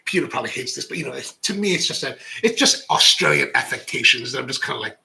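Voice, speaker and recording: Lively, bright-voiced man chatting. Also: mid-range voice, fast, vocal fry, poor audio. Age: middle-aged. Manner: rambling, reads viewer comments aloud. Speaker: coffee show host. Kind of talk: casual live-stream chat.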